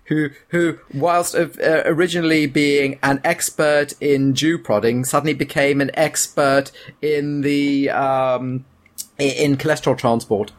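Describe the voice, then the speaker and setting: A man hosting a podcast, talking in a dry, sardonic way with unhurried hesitations. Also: on the high side, fairly even intonation. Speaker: podcast host. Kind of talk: casual chat.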